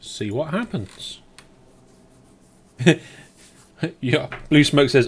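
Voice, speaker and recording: A man's voice: a little high, expressive, drawn-out words, slight background noise. A man streaming a game live, thinking aloud as he plays and chatting back to his viewers. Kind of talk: live let's play commentary.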